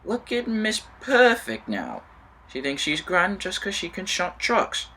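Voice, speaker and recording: A man's voice: sits high, very animated, unhurried, pushed and bright, slight background noise, voice pushed up, exaggerated voice. A man voicing a jealous, sneering female engine in a toy train story. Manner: sneering, mocking. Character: snide grumpy female quarry engine.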